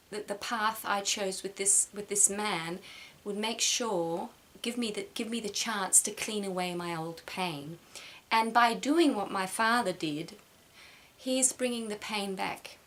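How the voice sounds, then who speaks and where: A middle-aged woman talks through a personal reflection to the camera, stumbling over words and starting her sentences again. She sounds close to tears, and her voice sits in an ordinary middle pitch. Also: a bit bright, slight background noise. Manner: halting, repeats words, emotional. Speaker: vlogger.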